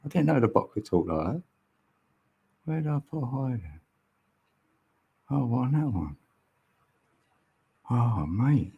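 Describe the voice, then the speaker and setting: A man's voice: medium pitch, sing-song, measured pace, vocal fry, long pauses, mellow, slightly rough. A man hosting a livestream, chatting casually with viewers and rambling through musings with frequent laughs, on a mic mounted on an arm extension. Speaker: livestream host.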